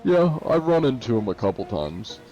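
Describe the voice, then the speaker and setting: A man's voice: medium pitch, sing-song, moderate pace, muffled recording, music in the background. A man streaming a game, chatting casually and swearing now and then. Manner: laid-back, swears casually. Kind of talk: casual gameplay chat.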